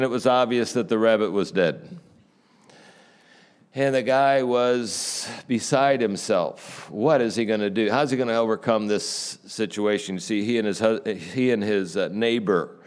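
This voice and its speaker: A male pastor giving a conversational sermon, telling a story with frequent filler pauses. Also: on the low side, smooth.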